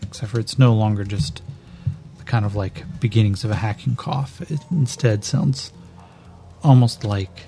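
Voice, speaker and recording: A man's voice: on the low side, normal speed, dark tone, soft background music. A man narrating a tabletop game as game master, casual and loose, with many fillers and some swearing.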